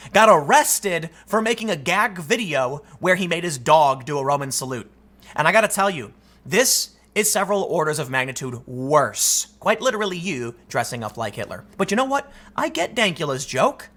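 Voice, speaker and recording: A man's voice: fairly high pitch, sing-song, normal speed, pushed and bright. A man giving a solo political commentary monologue, emphatic and indignant, ranting to the camera.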